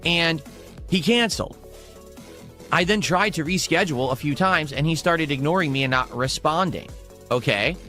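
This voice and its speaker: A man with a bright, tense, fairly high voice lays out a grievance step by step. He keeps checking in with his listeners as he goes. Faint music plays behind him. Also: animated, moderate pace. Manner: aggrieved, keeps checking "okay?". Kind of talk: recounting a grievance on stream.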